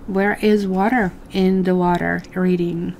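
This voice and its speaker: A woman's voice: lowish voice, flat delivery, unhurried, vocal fry, a little mellow, slight background noise. A woman doing a chatty live tarot reading for viewers, full of fillers and asides. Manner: chatty, addresses viewers as guys, many fillers. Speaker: tarot reader.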